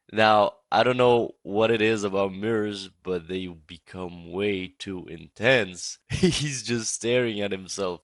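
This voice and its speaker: A young man narrating a storytime vlog with an animated, laughing, profane delivery. His voice sits fairly low and sounds close and dry, with no room behind it. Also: no echo. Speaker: storytime vlogger.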